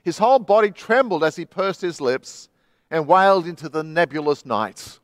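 An Australian pastor preaching in church, his voice sitting a little higher than most men's. He reads dramatically, swinging between loud and hushed, quick and slow. The sound is dry and close. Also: animated, no echo. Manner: dramatic reading with wide swings in loudness and pace. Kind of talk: sermon.

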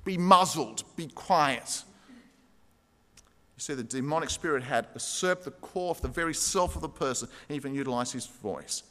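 A man's voice: mid-range voice, animated, fast, hardly any pauses, fairly bright tone. A man preaching a sermon, telling a story and reading quoted passages aloud with rising intensity. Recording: long hall reverb.

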